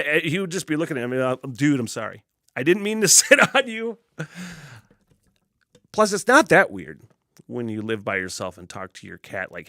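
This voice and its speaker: On his solo podcast, a man rambles from his basement studio, spinning profane, animated stories and laughing at himself. The voice is on the high side and the recording is dry.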